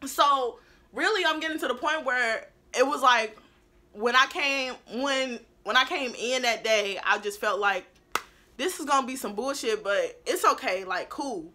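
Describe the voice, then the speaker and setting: A young woman telling a casual storytime, animated and blunt with plenty of swearing, dropping into low asides and rising into loud outbursts. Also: measured pace. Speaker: beauty vlogger telling a story.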